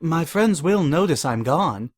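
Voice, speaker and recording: A prim, snooty mare pony in a storybook reading, as a man puts her on. She speaks in a raised voice with lively, indignant swoops. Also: on the high side, a little slow, breathy edge, pitched above the performer's own voice.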